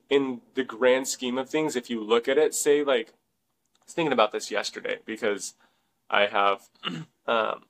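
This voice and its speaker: A man's voice: fairly low pitch, a bit bright, poor audio. A young man co-hosting a podcast, talking casually and rambling, with many fillers and some swearing. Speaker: podcast co-host.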